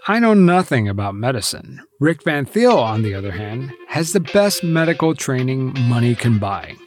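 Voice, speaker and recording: A man's voice: medium pitch, sing-song, normal speed, music in the background. Wry male documentary host. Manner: wry, incredulous. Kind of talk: documentary narration.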